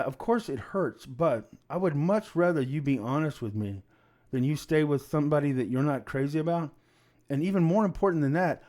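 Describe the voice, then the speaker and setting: A man's voice: on the high side, darkish tone. A middle-aged man coaching viewers through a breakup, speaking earnestly and repeating his key phrases. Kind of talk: direct-to-camera advice talk.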